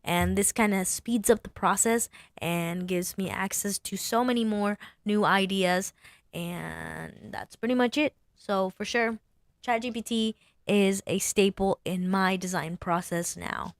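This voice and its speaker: A woman sign designer chats casually through her work in a screen-share walkthrough, thinking aloud and muttering to herself at a desk mic. Her mid-range voice comes at a measured pace, and the recording is clean studio sound with no echo.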